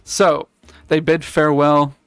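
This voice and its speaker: A man's voice: a little high, level tone, unhurried, a bit bright, clean tone, dry recording. A man streaming a board game, improvising a story in a playful, giggly way.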